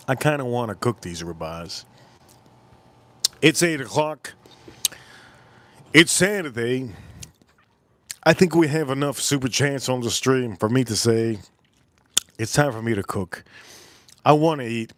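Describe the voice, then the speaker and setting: An animated man in his forties hosts a casual livestream, unhurried and leaving long pauses as he rambles, repeats himself, and switches into loud, high-pitched impressions.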